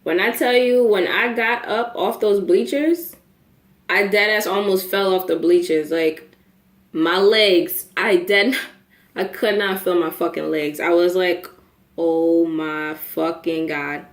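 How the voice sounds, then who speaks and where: A young woman telling a story to camera, profane and animated, laughing as she goes. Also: medium pitch, measured pace. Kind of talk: casual storytime. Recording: echoey room.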